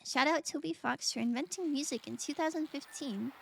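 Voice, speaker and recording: A woman's voice: high voice, brisk, creaky, hardly any pauses, fairly bright tone, a little hiss or hum. A woman streaming a game and chatting casually and playfully with her viewers, often laughing. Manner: playful, giggly, talks to chat. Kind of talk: casual live-stream chat while gaming.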